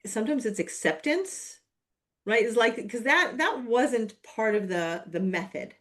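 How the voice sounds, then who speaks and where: A woman's voice: a little high, expressive, a little slow, fairly bright tone. A woman interviewing on a podcast, chatting casually and thinking aloud as she talks.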